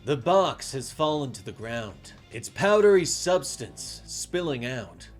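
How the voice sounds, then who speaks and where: A man narrating a comic story in a dramatic, animated scripted style. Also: mid-range voice, slow pace, few pauses. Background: faint music.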